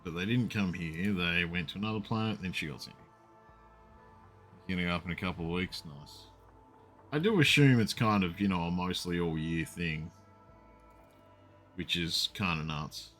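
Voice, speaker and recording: A man's voice: sits low, normal speed, pauses often, fairly bright tone, soft background music. A man streaming a video game, chatting casually and swearing freely as he plays. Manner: laid-back, swears freely. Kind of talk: casual chat while gaming.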